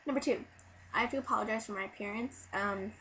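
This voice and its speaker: A woman vlogger who is sick and low on energy, casually telling a silly made-up story to camera in an animated way, with sudden loud bursts. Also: quick pace, a little hiss or hum, low-quality recording.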